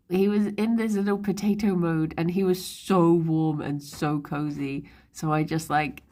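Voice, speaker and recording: A woman's voice: deep voice, darkish tone. A young woman streaming live, chatting casually and rambling, laughing often as she goes. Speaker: livestreamer. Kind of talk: casual chat.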